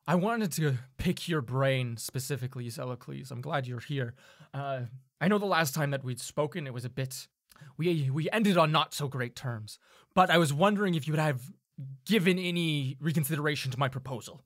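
A man voicing a gruff older male tiefling who smoothly presses a proposal. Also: on the high side, normal speed, no room sound, clean studio sound. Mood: smooth, probing.

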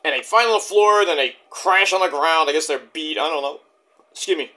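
A man rambling excitably through a casual wrestling review, swearing often. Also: on the high side, a little fast.

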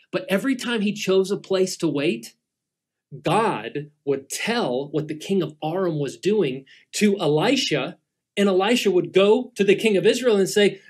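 A middle-aged man, a guest teacher, telling a Bible story to children dramatically and dropping to hushed tones for suspense. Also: a little high, husky.

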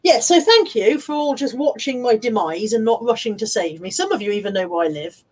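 A woman's voice: fairly high pitch, expressive, a little fast, husky. A middle-aged Irish woman live-streaming from a phone or webcam, chatting casually as she reads viewers' comments aloud, laughing often. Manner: chatty, laughs often, breaks into off-key singing. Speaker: live-streaming reseller vlogger.

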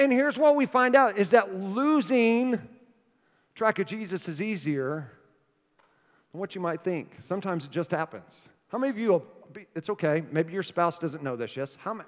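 High-voiced man preaching in an echoey church. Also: moderate pace. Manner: animated storytelling, jokey asides, then earnest and soft. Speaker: pastor. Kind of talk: sermon. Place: church hall. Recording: reverberant church sanctuary.

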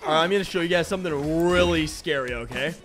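A young man giving sarcastic, mocking commentary over a video game, with sudden excited outbursts. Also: fairly high pitch, fast. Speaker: gaming YouTuber. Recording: music playing behind voice.

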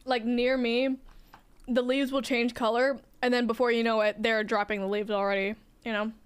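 A young woman streaming a game, chatting casually and softly with her viewers in a gushing, sing-song way. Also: fairly high pitch, little pitch movement, normal speed, clear, resonant tone. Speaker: livestreamer. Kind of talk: casual chat with viewers while gaming.

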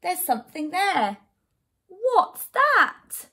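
A woman reading a picture book aloud and voicing a scared little boy who is lost in a dark wood, with frightened, pleading exclamations. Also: extremely high pitch, big pitch swings, extremely slow, voice pushed up, exaggerated voice.

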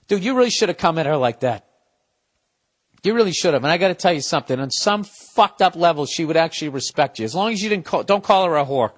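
A middle-aged podcast host rants in a casual, comedic way, swearing freely and swinging between loud outbursts and low mutters. He talks fast and expressively.

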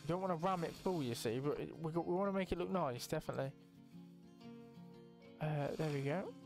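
Excitable young gaming commentator. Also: male voice, fairly quick, gravelly, over music. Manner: excitable, swears casually, bursts into high exclamations. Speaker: gaming youtuber. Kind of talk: casual gameplay commentary.

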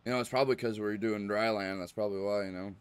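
A man streaming a farming game, chatting casually and rambling, often clearing his throat. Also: on the low side, steady tone, fast. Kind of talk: casual live-stream chat.

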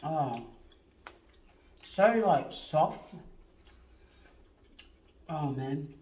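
A man chatting casually on a mukbang, laid-back and savoring the food with drawn-out murmurs. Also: a little high, lively intonation, a little mellow. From born in New Zealand, raised in Australia. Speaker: mukbang co-host. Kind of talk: casual chat while eating. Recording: roomy echo, mic far off.

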